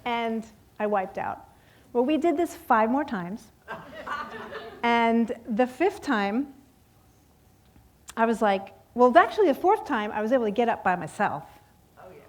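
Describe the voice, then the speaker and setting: A woman in her fifties telling a lively personal story in a sermon, acting out voices and laughing often. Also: fairly high pitch, a little slow, long pauses, a little hiss or hum. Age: 50s. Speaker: guest speaker at a church service.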